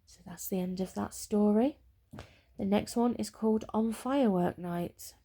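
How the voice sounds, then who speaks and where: Soothing soft-spoken ASMR reader, woman, mellow, gentle bedtime-story delivery. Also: medium pitch, breathy edge. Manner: slow and soothing.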